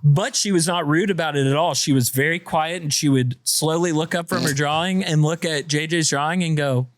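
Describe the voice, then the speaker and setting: A man co-hosting a casual podcast, telling stories with animated energy and acting out other people's voices. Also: a little high, fairly quick, no echo. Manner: animated storyteller, acts out voices. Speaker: podcast co-host. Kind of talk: casual chat.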